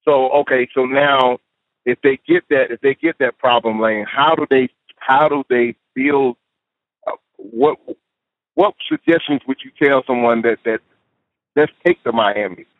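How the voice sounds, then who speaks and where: A man hosting an interview, asking long, halting questions that restart several times. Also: medium pitch, dry recording. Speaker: host. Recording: dry, tinny phone-like sound.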